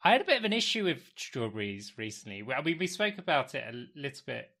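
A man's voice: medium pitch, big pitch swings, quick pace, bright, forceful tone. A man co-hosting a casual chat podcast, telling meandering anecdotes and easily amused. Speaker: podcast co-host.

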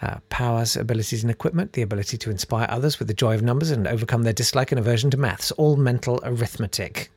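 A man's voice: mid-range voice, fast, few pauses, husky, no room sound. A man hosting a casual news chat, sarcastic and rambling, full of ums and uhs. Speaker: host.

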